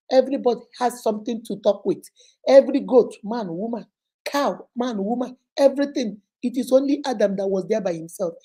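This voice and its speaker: Speaking in a dark, mid-range voice, a Nigerian-accented woman from Nigeria, a schoolteacher, motivates an audience of mothers with repeated, forceful exhortations and story asides. The recording quality is low.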